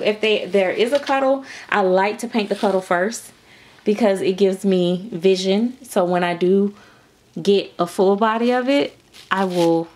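A woman, chatting casually in a vlog as a doll artist, gushing and exclaiming to her viewers. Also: medium pitch. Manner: gushing, exclaims often, speaks to viewers as "y'all" and "baby".

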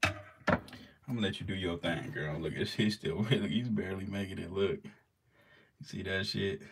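A man's voice: low voice, a little slow, gravelly, husky. A man filming his snakes as they feed, laughing, swearing and talking straight to the animals in a casual vlog.

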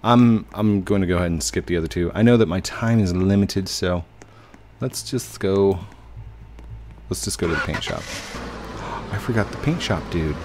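Speaking at a moderate pace with long pauses, a man with a low, darkish voice hosts a gaming channel and hums as he rambles through chatty commentary, fixing his own slips. There's a slight hiss or hum, plus game music underneath.

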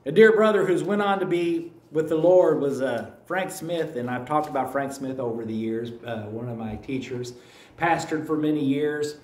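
In a church sanctuary, a Kentucky-accented pastor from the United States preaches a sermon full of folksy stories and repeated phrases. His voice is on the high side and somewhat dark, at a moderate pace. The room is echoey and he sounds distant.

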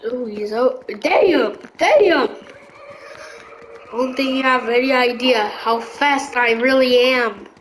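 A woman giving live gameplay commentary, excitable and slangy, often yelling reactions. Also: sits high, slow pace, a little hiss or hum, poor audio. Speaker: gaming video creator.

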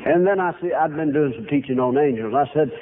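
An older man preaching a sermon, telling folksy, animated stories full of quoted dialogue. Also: on the high side, fast. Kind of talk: storytelling sermon. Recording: tinny phone-like archive recording, faint hiss.

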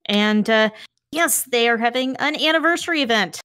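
A woman co-hosting a gaming podcast, chatty and quick to laugh. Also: fairly high pitch, expressive, pushed and bright, clear, resonant tone. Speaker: podcast co-host. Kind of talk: casual podcast chat.

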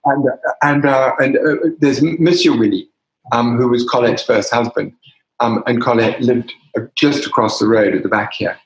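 A man's voice: mid-range voice, fairly even intonation, normal speed. An older man from Britain, a wine bar owner, chatting as an interview guest, often restarting his sentences. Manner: hesitant, many restarts and fillers. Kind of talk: casual interview. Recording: roomy echo.

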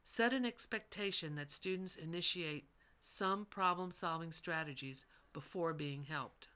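Bright-voiced narrator reading training material. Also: mid-range voice, unhurried, smooth. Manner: steady, instructional read-aloud delivery. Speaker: teacher trainer. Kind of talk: scripted narration of a training module.

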